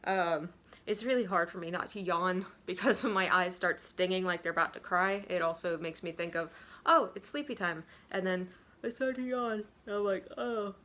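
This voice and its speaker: A woman's voice: lowish voice, normal speed, fairly bright tone. A young woman vlogger talking casually and self-deprecatingly, full of "like" and asides. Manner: rambling, self-deprecating, frequent "like". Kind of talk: casual confessional tips.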